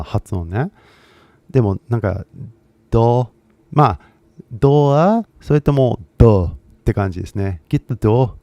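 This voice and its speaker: A man's voice: mid-range voice, creaky, mellow, no room sound. A man with a Californian accent, an English teacher chatting casually and filling his talk with fillers as he switches languages. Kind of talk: casual livestream chat.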